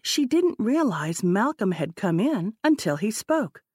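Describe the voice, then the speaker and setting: A woman narrating an audiobook in a measured, expressive way. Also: medium pitch, husky, no echo, clean studio sound.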